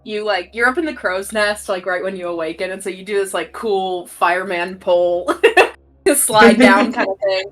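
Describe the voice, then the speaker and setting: A woman's voice: mid-range voice, normal speed, fairly bright tone, faint music behind. A woman narrating as game master in a tabletop game, casual and full of fillers.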